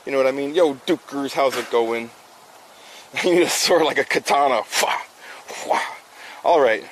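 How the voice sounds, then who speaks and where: A man's voice: medium pitch, normal speed, a bit bright, slightly rough. Upbeat man filleting fish on stream. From South Florida. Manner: upbeat, chatty, talks to chat while working. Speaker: fishing livestream host. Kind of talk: casual live-stream instruction. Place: outdoors.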